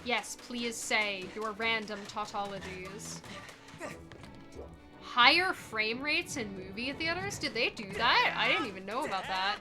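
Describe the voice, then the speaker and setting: A woman's voice: on the high side, animated, a little slow. A woman streamer chatting casually during a speedrun, reading chat aloud and laughing often. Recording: game music playing behind.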